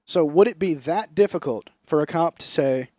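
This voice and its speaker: A man's voice: on the high side, normal speed, darkish tone, no room sound, studio quality. A young man co-hosting a podcast in casual, profane comedic chat, often slipping into mocking voices. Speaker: podcast co-host.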